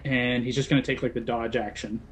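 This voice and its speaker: Male game master, dramatic narration mixed with rules calls, soft music bed. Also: medium pitch, little pitch movement. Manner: slow dramatic narration broken by rules talk. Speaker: dungeon master.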